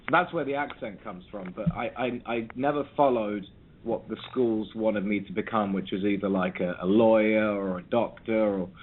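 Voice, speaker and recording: In a casual phone interview, a musician from South London talks thoughtfully, often starting his sentences over and using many ums. His voice is fairly low and his pace moderate, with slight noise in the background.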